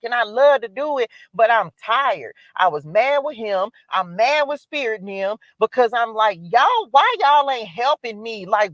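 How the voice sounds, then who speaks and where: A woman's voice: fairly high pitch, no echo. A woman hosting a spiritual live stream, giving an emphatic, preachy motivational talk that repeats its calls to action. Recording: dull lo-fi dry sound.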